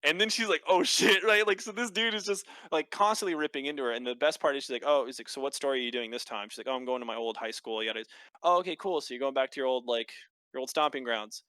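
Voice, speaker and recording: A man's voice: medium pitch, no room sound. A man co-hosting a podcast, casually recapping a show with lots of fillers and swearing. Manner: animated, quick storytelling with lots of fillers and swearing. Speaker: podcast co-host. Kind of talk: casual chat.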